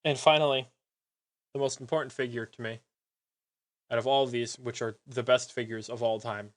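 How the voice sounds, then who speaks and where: A man's voice: medium pitch, flat delivery. Man gushing with mock sentimentality. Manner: halting restarts and trailing sentences. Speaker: collectible figure reviewer. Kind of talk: sarcastic product review vlog.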